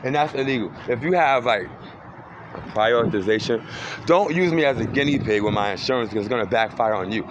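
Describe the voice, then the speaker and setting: A man's voice: medium pitch, animated, a little fast. A man rambling through a profane, accusatory rant outdoors on a city street, filming himself on a phone. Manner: rambling, accusatory, heavy cursing. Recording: dull lo-fi street recording with traffic noise. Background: street traffic noise.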